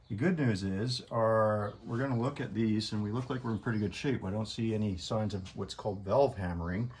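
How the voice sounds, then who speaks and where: A man's voice: lowish voice, darkish tone, slightly rough. A man working as a mechanic, explaining an engine teardown in an easygoing, folksy way. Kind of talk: casual shop talk to camera. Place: garage workshop.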